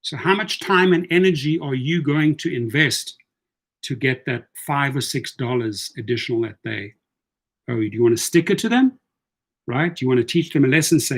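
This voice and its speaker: A man's voice: medium pitch, moderate pace, a bit bright. Chatty man answering a live chat. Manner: chatty, reads viewer comments aloud, repeats words. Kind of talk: casual livestream advice.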